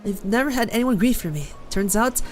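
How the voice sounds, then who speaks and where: A woman voicing a calm, content centuries-old immortal in a visual novel, reading with a gentle, reflective delivery. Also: a little high, fairly quick, soft background music, natural voice.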